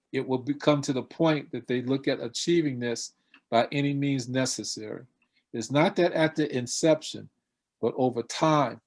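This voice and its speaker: A man's voice: medium pitch, darkish tone. A middle-aged man giving a seminar lecture, often putting questions to his students and repeating key words, with frequent fillers.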